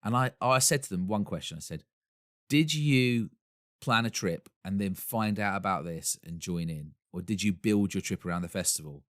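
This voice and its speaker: A man's voice: low-pitched, normal speed, dry recording, studio quality. A man from Essex, co-hosting a podcast in casual chat, telling stories with enthusiasm and frequent laughs. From Essex, England. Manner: enthusiastic storyteller, laughs often. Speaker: podcast co-host.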